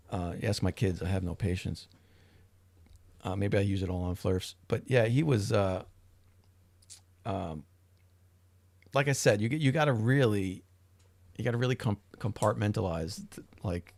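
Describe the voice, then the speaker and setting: A man's voice: low voice, vocal fry, a little mellow, no echo. A middle-aged man hosting a livestream, chatting casually and rambling with frequent restarts and swearing. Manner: rambling, profane, self-interrupting. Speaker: livestream host.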